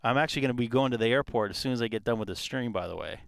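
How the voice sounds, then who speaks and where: A man's voice: mid-range voice, very fast, creaky, smooth, no room sound, clean studio sound. A man chatting casually and rambling outdoors in a park during a ham radio live stream, with plenty of fillers. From California.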